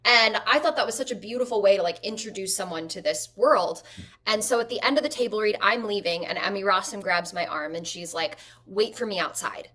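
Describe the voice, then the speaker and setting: A woman, an actress and guest, telling stories at home in a lively way and using "like" often. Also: medium pitch, a little fast. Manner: animated storyteller, frequent "like" fillers. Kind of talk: conversational interview.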